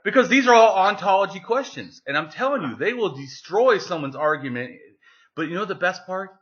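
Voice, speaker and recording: A man, as an interview guest, telling a story in a casual, animated way, with many fillers and restarts. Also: high-pitched, fairly quick. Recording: lo-fi, dull sound.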